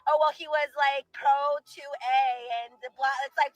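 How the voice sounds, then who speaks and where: Woman, high voice, angry emotional rant, phone in car, dry close sound. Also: steady tone, normal speed, no echo, rough recording. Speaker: social media poster. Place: in her car.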